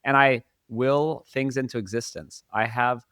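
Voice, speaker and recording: A man's voice: mid-range voice, fairly even intonation, a little slow, a bit bright, smooth, no echo, studio quality. A man co-hosting a podcast, talking earnestly and laughing easily in casual chat. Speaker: podcast co-host.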